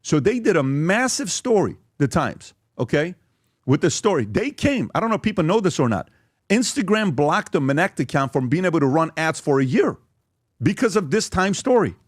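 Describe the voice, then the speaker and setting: A man's voice: fairly high pitch, very animated, moderate pace, dry recording, studio quality. A man hosting a podcast, talking through posts and questions in an emphatic way, often checking in with "okay?". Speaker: podcast host. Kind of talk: talking through social media posts on a show.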